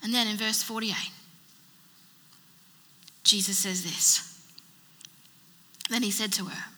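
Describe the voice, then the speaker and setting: Bright-voiced woman preaching with emphatic repetition. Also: mid-range voice, fairly even intonation, slow pace, long pauses, slightly rough. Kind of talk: sermon. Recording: long reverb of a large hall.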